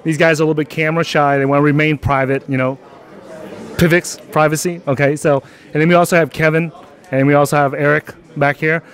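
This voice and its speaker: A man's voice: a little high, flat delivery, a little fast, fairly bright tone. A man hosting a casual interview outdoors at a conference, loose and jokey with many fillers. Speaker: channel host.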